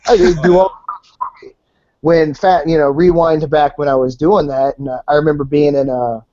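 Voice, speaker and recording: Animated storytelling man, lo-fi audio. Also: a little high, normal speed, no echo. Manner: animated, swears, acts out voices in anecdotes. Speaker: podcast guest. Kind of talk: casual storytelling. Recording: dull lo-fi podcast audio.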